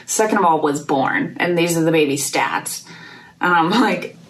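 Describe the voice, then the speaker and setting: A woman's voice: deep voice, normal speed, distant mic, low-quality recording. A young woman chatting casually, rambling with lots of "like" and some swearing. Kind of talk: casual chat.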